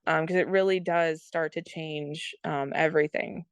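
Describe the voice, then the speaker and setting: A woman with a low, slightly gravelly voice that stays smooth and clear. She talks earnestly as a podcast guest, explaining at length and filling pauses with ums. The recording is dry and close. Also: steady tone, dry recording. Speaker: guest, product consultant. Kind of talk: casual interview talk.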